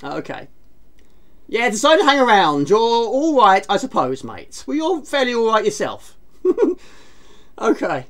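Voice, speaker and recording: A woman with a sing-song voice pitched a little high speaks at a measured pace during a retro game stream. In a casual, chatty way, she makes fun of herself and says hello to viewers whose chat she reads aloud.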